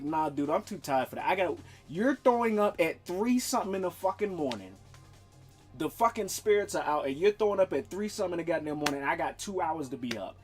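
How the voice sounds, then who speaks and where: A man with a slightly husky voice chats casually on a stream, swearing freely and rambling through a story. He breaks into laughter often. Soft music plays low behind him.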